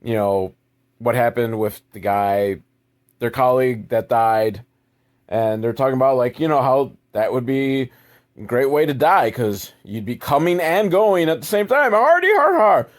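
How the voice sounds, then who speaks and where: A man's voice: mid-range voice, unhurried. A young adult man giving a crude, sarcastic comedic recap of a movie as the show's host. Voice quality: crude, sarcastic, mocking asides.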